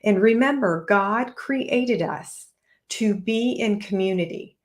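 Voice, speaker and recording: A woman in her forties hosting a solo parenting podcast, talking in a lively way and acting out what her kids say. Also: mid-range voice, slow pace. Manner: animated, acts out kids' voices. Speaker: podcast host.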